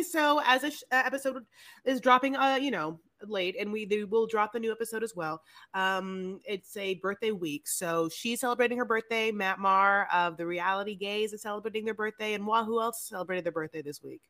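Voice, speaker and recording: A woman co-hosting a podcast in loose, casual chat. She rambles and riffs playfully, jumping from thought to thought. Her pitch sits in a middle range. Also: fairly quick. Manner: rambling, playful, animated riffing. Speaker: podcast co-host. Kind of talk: casual chat recapping a reality show.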